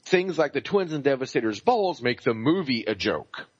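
A man co-hosting a casual gaming podcast, talking at an everyday pitch. He rambles through his points with plenty of fillers and the odd swear word. The sound is dull and lo-fi, recorded close and dry. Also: sing-song, moderate pace, dry recording. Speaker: podcast co-host.

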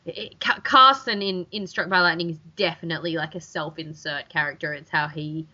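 A woman with an Australian accent co-hosting a podcast in casual chat, talking fast with lots of restarts and fillers. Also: sits low, bright, forceful tone. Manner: chatty, many restarts and fillers. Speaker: podcast co-host. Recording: dull lo-fi recording.

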